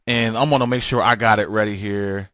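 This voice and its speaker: A man's voice: on the low side, fairly even intonation, brisk, fairly bright tone, no echo, clean studio sound. A man hosting a political talk show, delivering a fiery, emphatic solo monologue full of repetition and stammered restarts.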